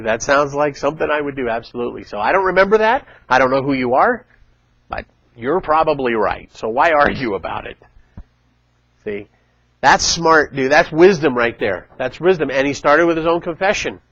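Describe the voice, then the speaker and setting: A middle-aged man giving a casual church talk, chatty and animated, acting out quotes as he tells stories. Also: medium pitch, normal speed, dry recording, lo-fi sound. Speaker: church teacher. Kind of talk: casual sermon.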